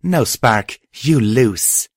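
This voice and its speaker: A man's voice: medium pitch, animated, drawn-out words, dry recording, clean studio sound, pitched above the performer's own voice, heavily acted. A man voicing a wounded young female unicorn mare who speaks in a strained, defiant way.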